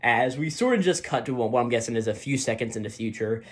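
A man hosting a casual chat and recapping a comic, rambling and heavy on fillers, often tacking on a quick "right?". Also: medium pitch, animated. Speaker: manga recap host.

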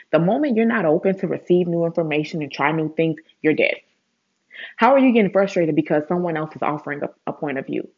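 Motivational vlog monologue, blunt, rambling, profane, mid-pitched voice, muffled recording. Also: breathy edge. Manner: blunt, rambling, swears for emphasis; mocks complainers in a whiny voice. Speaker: vlogger.

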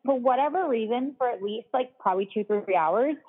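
A chatty woman with a fairly high voice tells a long personal story in casual conversation. She leans heavily on "like" and laughs easily. Her voice comes through thin and tinny, as if over a phone line. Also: animated, fairly quick, slightly rough. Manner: chatty, heavy use of "like" fillers, laughs often.

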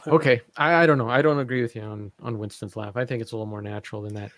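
An easygoing man in casual podcast chat, trading quick replies with his co-host. His voice sits at a middle pitch. The recording is close and dry. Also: steady tone, fairly bright tone, no room sound.

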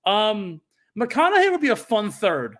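A man's voice: high-pitched, wildly swooping pitch, a little slow, fairly bright tone. A young man co-hosting a podcast, chatting casually and telling a story with lots of fillers and restarts. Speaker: podcast co-host. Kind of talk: casual chat.

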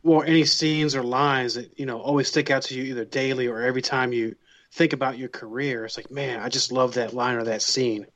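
A man's voice: medium pitch, steady tone, brisk, a bit bright. A man hosting a podcast, asking a guest loose, rambling questions in a casual interview. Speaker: podcast host. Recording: dull lo-fi podcast audio.

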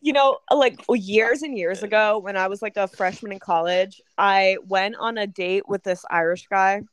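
A woman's voice: medium pitch, normal speed, dry recording. A young adult woman co-hosting a podcast, telling stories in casual chat with a lot of swearing. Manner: profane storytelling. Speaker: podcast co-host.

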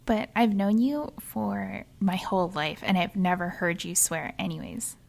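A woman's voice: medium pitch, a little slow, gravelly. A young woman co-hosting a casual podcast chat, teasing and laughing often. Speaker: podcast co-host.

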